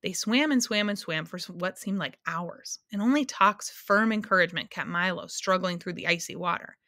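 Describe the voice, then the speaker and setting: A woman reading a children's book aloud in a gentle, measured way. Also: lowish voice, dry recording, clean studio sound. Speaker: storyteller.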